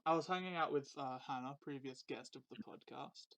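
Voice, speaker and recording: A man of middle pitch hosts a casual podcast. He asks his guest curious, teasing questions and keeps the chat moving. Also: a little fast, a bit bright, low-quality recording. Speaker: podcast host.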